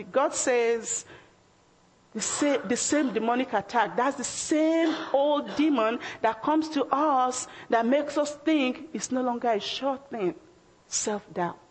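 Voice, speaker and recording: A woman preaching a sermon in an emphatic, exhorting manner, acting out the anxious questions of her listeners. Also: sits high. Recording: long hall reverb.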